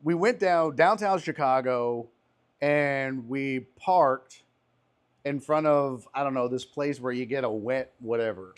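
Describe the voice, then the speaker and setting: A man's voice: mid-range voice, unhurried, clear, resonant tone. A man hosting a casual podcast chat, a comedian telling profane, rambling stories on an outdoor patio. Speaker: podcast host and stand-up comedian.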